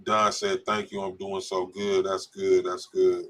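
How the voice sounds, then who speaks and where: Co-hosting a casual podcast, a man reads viewer comments from the live chat aloud, joking and laughing as he goes. His voice sits low and a bit bright, with a level tone and measured pace, in a casual live-stream chat.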